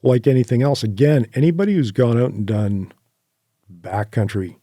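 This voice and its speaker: A man as a podcast guest, telling animated hunting anecdotes with quoted asides and laughs. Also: mid-range voice, moderate pace, no echo, clean studio sound. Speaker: podcast guest, horseback hunter. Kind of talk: casual interview storytelling.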